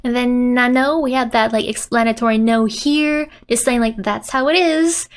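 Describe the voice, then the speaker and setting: A woman's voice: fairly high pitch, moderate pace. A woman teaching Japanese from a manga scene, breaking down each line in a playful way, often laughing and acting out the characters. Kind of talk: manga-based language lesson.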